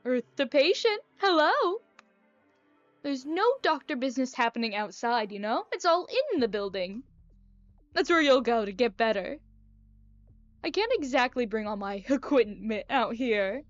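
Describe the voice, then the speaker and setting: A woman's voice: on the high side, lively intonation, unhurried, no echo, soft background music. Eccentric sinister male doctor, gleeful and showy, played by a woman, dry muffled audio. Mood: impatient. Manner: theatrical, gleeful, mock-menacing.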